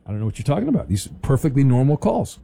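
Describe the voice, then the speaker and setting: A man hosting a call-in radio show, teasing callers in a dry, deadpan way with stammered restarts. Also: medium pitch, rapid-fire, creaky, dry recording. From Southern California. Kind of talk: casual call-in radio banter.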